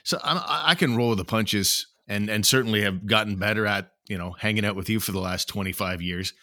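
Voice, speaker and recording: Upbeat low-voiced podcast host. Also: male voice, brisk, sharp tone, no room sound, studio quality. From Canada. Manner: upbeat, jokey, laughs easily. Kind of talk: casual chat.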